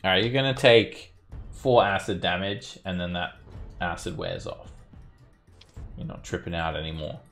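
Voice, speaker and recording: A man's voice: low-pitched, animated, moderate pace, long pauses, a bit bright, soft background music. A man running an online tabletop game as dungeon master, narrating combat with frequent fillers. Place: home setup, playing online.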